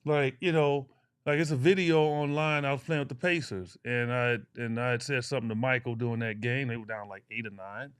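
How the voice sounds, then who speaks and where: A man in his sixties from Chicago, a former pro basketball player, co-hosting a casual podcast and telling animated stories full of slang and trash talk. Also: medium pitch, a little fast, clean tone, no room sound, clean studio sound.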